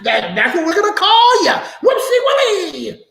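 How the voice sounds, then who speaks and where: A man's voice: very high voice, wildly swooping pitch, normal speed, creaky, pushed and bright, reverberant, voice pushed up, heavily acted. A man doing a gushing old lady club owner.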